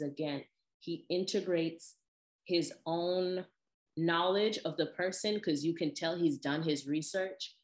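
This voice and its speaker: A woman with a low voice talks in a loose, animated way, jumping between tangents and putting on quick voices. Her voice rings off the walls of a reverberant room. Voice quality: animated, lively with laughs and imitated voices. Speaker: podcast host. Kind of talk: casual chat. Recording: echoey room.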